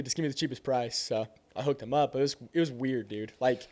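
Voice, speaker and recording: A man's voice: mid-range voice, quick pace. A young man telling a door-to-door sales story in casual chat, acting out both sides of the conversation.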